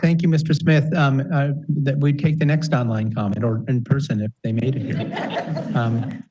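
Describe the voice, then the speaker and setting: A man's voice: mid-range voice, steady tone, normal speed, background noise. A man chairing a county board meeting, giving brief procedural remarks.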